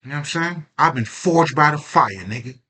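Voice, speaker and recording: A man's voice: on the high side, lively intonation, brisk, pushed and bright, breathy edge. A man giving a casual, emphatic spoken monologue on personal growth, full of swearing and rhetorical questions. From Haitian background. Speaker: self-growth vlogger.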